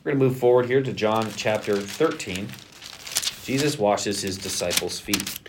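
Man, low voice, podcast co-host, scripture reading, rises sharply for quoted lines. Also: moderate pace, background noise. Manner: reads quoted speech with big rises in pitch and force.

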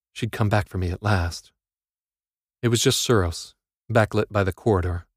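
A man narrates a first-person audiobook in a very deep, low voice. His reading is grim and wry, and the close, dry recording has no room echo. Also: a little mellow.

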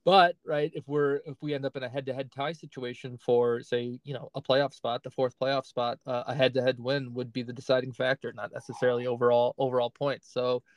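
A man's voice: mid-range voice, flat delivery, brisk, few pauses, dry recording. Man chatting casually, dry close sound. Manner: conversational, hedging with "right?" and "like". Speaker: fantasy football podcast co-host. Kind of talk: casual chat.

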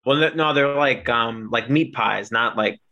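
This man co-hosts a podcast, spinning meandering tales in casual conversation and fixing his own words along the way. His mid-range voice is sharp in tone and unhurried, and the recording's highs are cut off.

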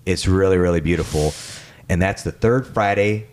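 Casting: very low-voiced male priest, relaxed podcast chat. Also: moderate pace, background noise. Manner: relaxed, leads a closing prayer. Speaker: parish priest.

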